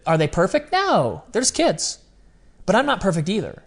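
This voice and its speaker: A man with a voice pitched a little above the usual male range speaks as a podcast guest. He talks candidly and earnestly, in a confessional, storytelling way. He often drops into quoting his own words, as if replaying a conversation. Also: huge pitch swings, moderate pace, creaky. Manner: quotes his own past words in dialogue.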